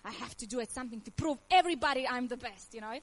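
A Croatian-accented woman in her thirties races through her personal faith testimony in a slightly high voice. She is earnest and emotional, laughs frequently, and uses nonnative grammar, all captured on a rough recording.

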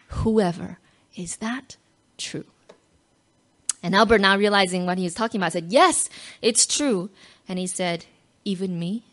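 A woman telling a personal faith story to an audience, animated and emotional, acting out quotes and dropping to a near-whisper at tender moments. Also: medium pitch, measured pace, long pauses. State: moved close to tears at times.

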